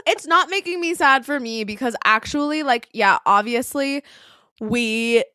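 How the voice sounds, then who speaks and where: A woman co-hosts a podcast in a casual chat, and her opinions come out blunt and heated, with frequent swearing. Her voice sits fairly high. She is recorded dry and close. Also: measured pace, sharp tone, dry recording. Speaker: podcast co-host.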